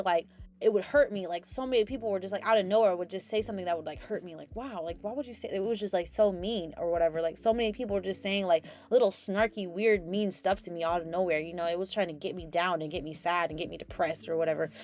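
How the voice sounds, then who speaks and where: Rambling young woman hosting a spiritual chat. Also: mid-range voice. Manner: rambling, many fillers, animated storytelling. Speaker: host.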